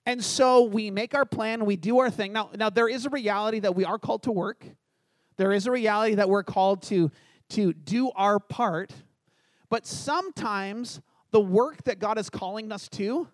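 A middle-aged Canadian pastor with a high voice preaches a sermon at a moderate pace, telling a personal story full of self-deprecating humor. He is animated and acts out the dialogue. The recording is clean studio sound with no room noise.

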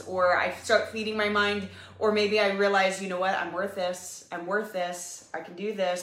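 A woman's voice: lowish voice, a bit bright. A woman giving an upbeat, encouraging health pep talk to a live audience, chatty and full of fillers. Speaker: health coach. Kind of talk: casual livestream pep talk. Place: home room, drawing on a whiteboard. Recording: echoey room.

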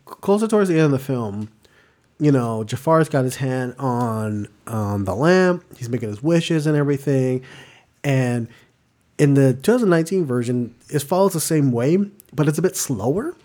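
Guy cohosting a movie podcast, casual, cussing, acts out scenes in goofy voices, middle pitch. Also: unhurried. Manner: animated, swearing, acts out movie lines in silly voices. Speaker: podcast co-host. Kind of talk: casual chat.

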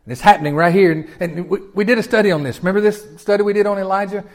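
A man preaching a sermon in a folksy, animated way, often asking his listeners questions. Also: high voice, rapid-fire. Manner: folksy and animated, with repeated restarts and audience questions. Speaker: pastor.

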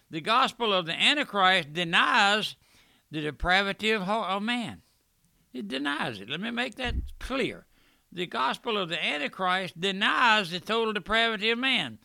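An older man preaching a fervent radio sermon, swelling loudly at points and breaking into asides. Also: high-pitched, gravelly, no echo.

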